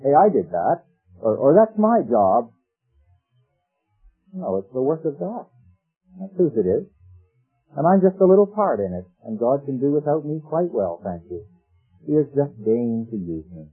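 A man preaches a sermon in a conversational manner, full of rhetorical questions and quoted scripture, sounding very animated at a normal speed. His medium-pitched voice is slightly rough, heard over a tinny, phone-like old radio broadcast with faint music.

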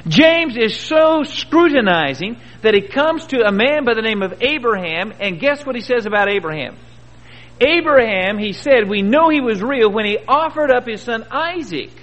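A man's voice: very high-pitched, animated, normal speed, a bit bright. A man preaching a sermon in a folksy, earnest way, with rhetorical questions and homespun stories. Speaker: pastor. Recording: dull old recording in a reverberant hall.

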